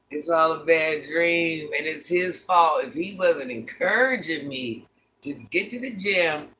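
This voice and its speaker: Adopting a granny persona, a man hosts a casual livestream, chatty and dramatic, greeting viewers by name, calling them "child" and "honey bun," and repeating lines for effect. His voice is a little high, expressive, and sharp, at a moderate pace.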